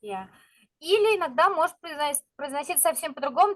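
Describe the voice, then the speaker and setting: This online English teacher is a woman whose native language is Russian, and her accent shows it. She speaks high-pitched with lively intonation and a fairly bright tone, offering encouragement and slowly repeating phrases as pronunciation models.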